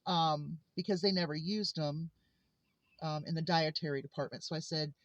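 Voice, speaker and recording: A woman's voice: low voice, fairly even intonation, moderate pace, no echo. A woman vlogger telling personal stories in a heartfelt, earnest way. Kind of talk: casual personal monologue. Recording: slightly muffled lo-fi recording.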